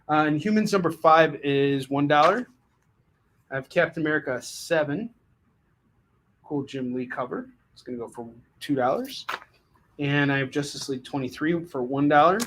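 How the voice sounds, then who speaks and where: A man's voice: a little high, a bit bright, a little hiss or hum. A man hosting a live stream where he sells comics, in loose casual chat that jokes, swears and stumbles over its own words. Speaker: host selling comics live.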